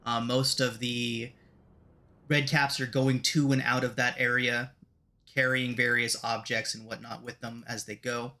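Male game master, bright tone, loose narration with lots of "um.". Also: medium pitch, measured pace. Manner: relaxed, filler-heavy narration.

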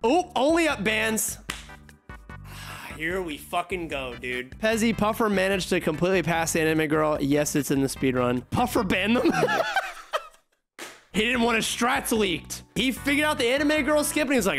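A man's voice: high voice, lively intonation. A man streaming live, reading ban appeals aloud in casual chat, swearing and joking as he gets tipsy. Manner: swearing, joking, quick to laugh. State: getting tipsy from drinking. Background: music playing.

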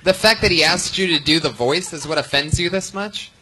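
A man's voice: fairly high pitch, fairly quick, bright, forceful tone, husky, poor audio. A man hosting a live comedy show, teasing and sarcastic as he gives feedback. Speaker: host. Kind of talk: live comedy panel banter.

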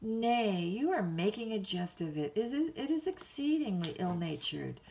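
A woman reading a bedtime story, voicing a willful, petulant young woman of twenty-two who pleads and flares up quickly. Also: mid-range voice, very animated, a little mellow, voice pushed up.

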